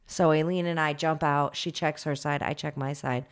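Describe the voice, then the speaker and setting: Woman, low register, loose self-deprecating storyteller, casual chat. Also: steady tone, normal speed, clear, resonant tone.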